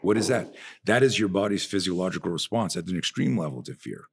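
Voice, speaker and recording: A man with a very low voice and a husky, breathy edge, talking as a guest on a podcast. He tells stories with plenty of energy, loses his thread now and then, and circles back with restarts. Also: fast. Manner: animated storyteller, trails off and restarts sentences. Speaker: guest, fear-management and martial arts trainer. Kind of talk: conversational podcast storytelling.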